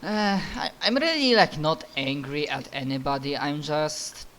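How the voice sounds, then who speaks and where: Halting male tabletop player. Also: fairly high pitch, a bit bright. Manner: halting, many restarts and sighs. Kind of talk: tabletop role-play over voice chat.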